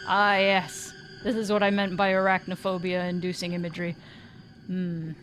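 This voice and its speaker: A woman's voice: lowish voice, little pitch movement, moderate pace, slight background noise. A woman casually commenting while playing a horror game, sarcastic, swearing often and sometimes faking scared squeals. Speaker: gaming streamer. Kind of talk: casual let's-play commentary.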